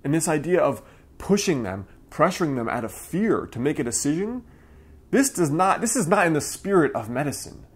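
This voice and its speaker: A man's voice: a little high, big pitch swings, moderate pace, slightly rough. A man, the acupuncturist who hosts the channel, giving an earnest and emphatic talk straight to camera. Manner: earnest, emphatic, acts out quoted voices.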